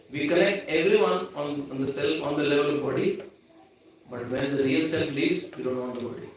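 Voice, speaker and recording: Earnest man preaching in an echoey hall. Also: mid-range voice. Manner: direct, earnest, rhetorical questions. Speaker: speaker at a temple program. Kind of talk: sermon. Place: temple hall. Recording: echoey room from far off, faint noise.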